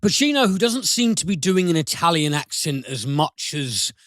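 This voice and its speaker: A man reviewing films on a podcast, animated and given to swearing and sudden high mimicry. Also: moderate pace, no echo, clean studio sound. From United Kingdom. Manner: animated, swears, mimics voices with big pitch jumps. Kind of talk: casual podcast film review.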